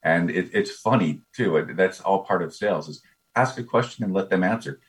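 In a casual interview, a business coach with a low voice and lively intonation talks at normal speed, coming across as eager and tending to repeat words as he begins each thought.

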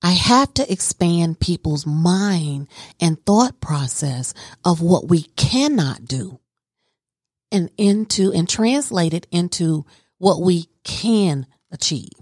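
A woman with a low voice tells her story to an interviewer. She speaks with earnest conviction and stresses her points. The sound is dry and close. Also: animated, slow pace, darkish tone, breathy edge, no room sound. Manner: earnest and emphatic, talks with conviction. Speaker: guest.

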